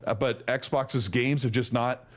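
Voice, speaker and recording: A man co-hosting a gaming podcast, talking in a relaxed, easygoing, conversational way. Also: medium pitch, unhurried. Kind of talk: casual podcast chat.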